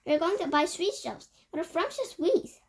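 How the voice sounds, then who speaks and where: A woman voicing a shrill, excited crowd of female witches, chanting in a high squeal. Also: measured pace, heavily acted. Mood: eager. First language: Korean.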